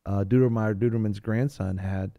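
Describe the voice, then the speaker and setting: A man on a talk show panel, talking casually in a rambling, animated storytelling way with frequent restarts. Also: on the low side, fast talker, vocal fry, dry recording, muffled recording. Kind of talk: casual chat.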